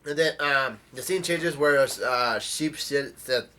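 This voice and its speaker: Bright-voiced man recapping a comic. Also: mid-range voice. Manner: halting, with frequent restarts while retelling scenes. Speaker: manga chapter reviewer. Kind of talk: casual chapter recap.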